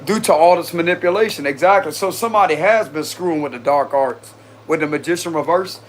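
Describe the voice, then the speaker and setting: A man with a fairly high voice gives a casual tarot reading at a fairly quick pace, with slight background noise. Chatty and slangy, he talks straight to his viewers and often breaks into laughter.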